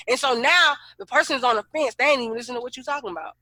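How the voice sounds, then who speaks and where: A bright, high woman's voice, recorded dry and close on a podcast. She talks expressively, gets loud when excited and acts out quotes with a playful edge. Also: very fast, no echo. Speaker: podcast co-host. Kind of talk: casual chat.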